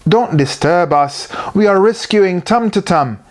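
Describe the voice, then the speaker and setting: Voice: medium pitch, expressive, a little slow, pitched above the performer's own voice, natural voice. A storyteller voicing a fussy, anxious female hen character in a storybook. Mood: curt. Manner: anxious, clucking.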